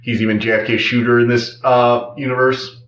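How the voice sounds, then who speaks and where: A man's voice: medium pitch, flat delivery, fairly quick, a bit bright. Rambling man reviewing a show in a roomy room. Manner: rambling, loose, full of "like" and restarts. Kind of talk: casual spoken review. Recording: roomy, slightly dull recording.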